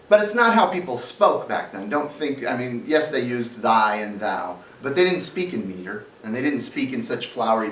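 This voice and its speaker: A man's voice: mid-range voice, a bit bright. A male teacher lecturing a class, explaining step by step and quizzing students as he goes. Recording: roomy classroom, mic far off, faint background noise.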